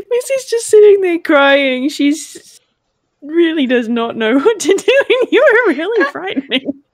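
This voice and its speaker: Lively, slow-talking woman game master. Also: very high voice, no echo, studio quality. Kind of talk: narrating a tabletop game.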